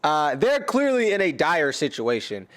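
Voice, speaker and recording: A man's voice: a little high, huge pitch swings, unhurried. An American man giving casual reaction commentary as a YouTuber, rambling and joking with many fillers and restarts. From United States.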